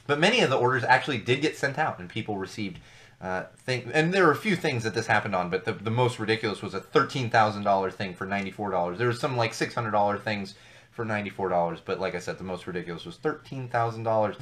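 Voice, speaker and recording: A man's voice: mid-range voice, a bit bright. Male host, thirties, loose solo commentary, riffs and repeats lines for effect. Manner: rambling, jokey asides, repeats for emphasis. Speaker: podcast host. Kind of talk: casual solo commentary on news.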